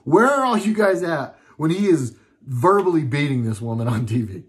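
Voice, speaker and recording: A man's voice: fairly high pitch, big pitch swings, normal speed. A young adult man from the United States giving a casual political commentary monologue, indignant, sarcastic and rambling.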